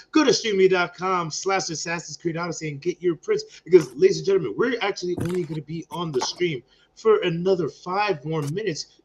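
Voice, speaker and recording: A man hosting a livestream, hyping products to the audience over a video call. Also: slight background noise. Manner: hyped salesman pitch. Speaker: stream host.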